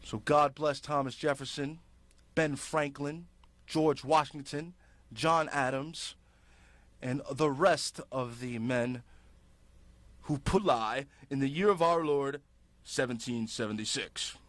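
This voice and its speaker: A man's voice: mid-range voice, slow pace, no echo. A man hosting a public access show, delivering impassioned political commentary in a fiery, ranting, emphatic way.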